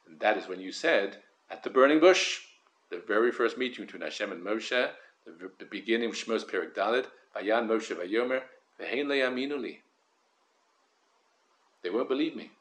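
A man giving a Torah lesson, careful and measured, stressing key words and often repeating himself as he weighs a point. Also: on the low side, lively intonation, fairly bright tone. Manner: careful, measured, with frequent word repetitions. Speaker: Torah teacher. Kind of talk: Torah lesson on the weekly portion.

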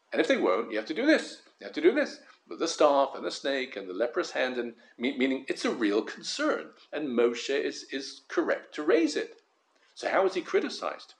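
A man giving a Torah lesson, careful and measured, stressing key words and often repeating himself as he weighs a point. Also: medium pitch. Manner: careful, measured, with frequent word repetitions. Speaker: Torah teacher. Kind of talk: Torah lesson on the weekly portion.

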